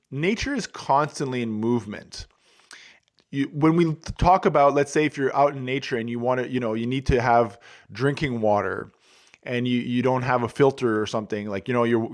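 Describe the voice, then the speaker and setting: A middle-aged man hosting a wellbeing podcast, talking through fitness advice in a relaxed, rambling way with lots of "you know" and restarts. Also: mid-range voice. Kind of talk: casual advice monologue.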